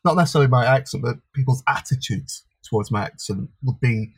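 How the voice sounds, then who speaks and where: A man's voice: mid-range voice, fast talker, husky, no room sound. A man with a Blackburn Lancashire accent, a media worker and stage performer, answering casually in an interview with frequent stammered restarts.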